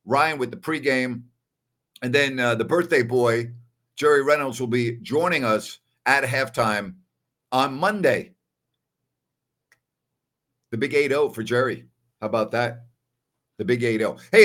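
A man's voice: medium pitch, a bit bright. Man, from New York, postgame show host, casual livestream chat, emphatic, repetitive. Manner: emphatic, repeats "all right" a lot. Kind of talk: casual solo livestream commentary.

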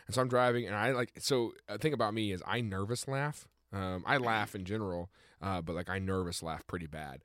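Young man, casual storyteller, laughs a lot, low-pitched, dry close mic. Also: a little fast, fairly bright tone, dry recording. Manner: laughs often while telling stories. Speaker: podcast co-host.

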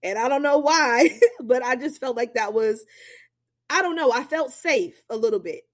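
A woman's voice: high-pitched, normal speed, no room sound, clean studio sound. A young adult woman telling a personal story in a chatty way, full of fillers, who acts out the voices of the people she quotes.

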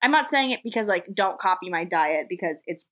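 A woman from Los Angeles co-hosting a casual podcast, animated and joking, with lots of "like" fillers. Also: lowish voice, fairly quick. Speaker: podcast co-host and competitor.

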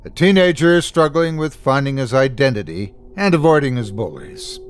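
A man's voice: medium pitch, slight background noise. A man hosting a horror fiction podcast, reading a scripted introduction in a playful, theatrical way. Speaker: podcast host.

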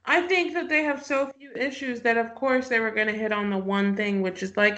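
A woman's voice: a little high, moderate pace, few pauses. A woman co-hosting a podcast, thinking aloud in a casual chat full of "like" and "you know". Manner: expressive, musing, filler-heavy. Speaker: podcast co-host.

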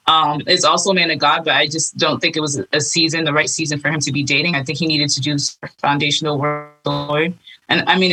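A woman with a low, husky voice and a bright, forward edge to her tone. She tells her faith testimony as a guest in loose, animated conversation, full of fillers and quick asides. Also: poor audio. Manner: animated storytelling with many fillers. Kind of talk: casual faith-based chat.

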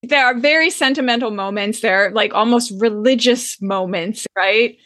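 A woman host chats in a playful, enthusiastic, casual way. Her voice is fairly high and very bright. The sound is close and dry. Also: moderate pace, dry recording. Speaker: podcast host. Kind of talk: casual chat.

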